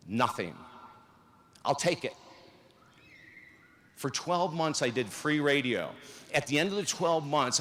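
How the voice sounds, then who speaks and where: A man in his sixties giving a commencement speech, telling stories and acting out the dialogue in them. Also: mid-range voice. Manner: storytelling, animated, acts out dialogue. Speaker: convocation speaker. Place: large field house.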